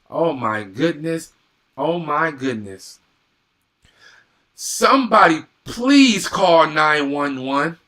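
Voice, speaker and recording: A young man doing live play-by-play and reaction on a stream, reading viewer comments and bursting into excited exclamations. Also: a little high.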